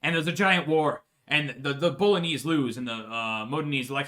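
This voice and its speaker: A man's voice: fairly high pitch, a little fast, few pauses, fairly bright tone. A man telling a history story for laughs in a profane, rambling way, often checking in with "right?". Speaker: podcast host.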